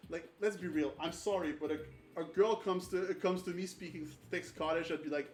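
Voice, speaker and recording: A man's voice: on the high side, fairly even intonation, brisk, few pauses. A man streaming a game with a friend, chatting casually, rambling with many fillers and swearing freely. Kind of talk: casual gaming chat. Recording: roomy echo, distant mic, faint background noise.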